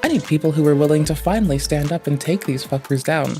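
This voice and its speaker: A man voicing an agitated young man who rants loudly and sounds paranoid. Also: fairly high pitch, fast, faint music behind, natural voice.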